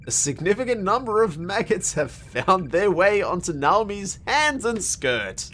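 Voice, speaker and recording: A man's voice: high voice, big pitch swings, measured pace, hardly any pauses, a bit bright. An Australian man streaming a horror game, joking wryly and reading its text aloud. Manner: wry and jokey. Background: faint game music.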